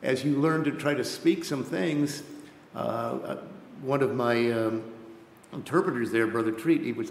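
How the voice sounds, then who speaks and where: A man preaching a missionary sermon in an earnest way, often repeating words as he builds a point. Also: moderate pace. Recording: echoey hall with faint rumble.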